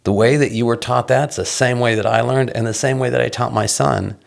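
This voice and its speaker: A man's voice: mid-range voice, steady tone, a little fast, vocal fry. A middle-aged man, a guest songwriter, talking casually and animatedly in an interview, restarting sentences and swearing freely.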